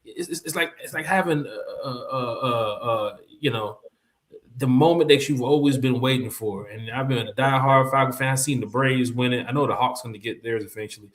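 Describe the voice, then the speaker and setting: A man as a guest on a fan talk show, talking in a casual, animated way with lots of slang. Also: mid-range voice, moderate pace. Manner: animated, colloquial, says "you know what I'm saying".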